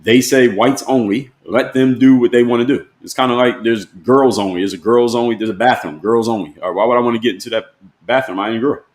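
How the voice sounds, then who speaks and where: A man's voice: medium pitch, fast, reverberant. A man hosting a live-stream, talking plainly and pressing his point with repeated rhetorical questions. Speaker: host.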